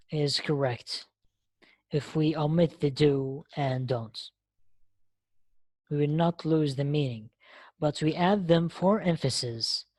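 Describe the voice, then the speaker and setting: A woman's voice: low-pitched, darkish tone, breathy edge, no echo. A woman teaching a live online English lesson, explaining patiently and often checking that students follow. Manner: slow explaining, frequent checking questions. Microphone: online lesson connection.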